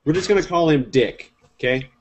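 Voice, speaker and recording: Male podcast co-host, dry and wry, lively upper-mid voice. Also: a little high, fairly quick, dull audio. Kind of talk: casual chat.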